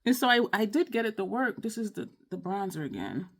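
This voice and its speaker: A woman talks through a makeup tutorial in a loose, rambling way. She sighs, apologizes and circles back over the same point with plenty of ums and restarts, at an ordinary mid pitch. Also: very animated, brisk, vocal fry. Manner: frustrated, rambling, apologetic, repeats herself; sighs often, many fillers and restarts. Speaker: beauty vlogger. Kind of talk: casual makeup tutorial chat.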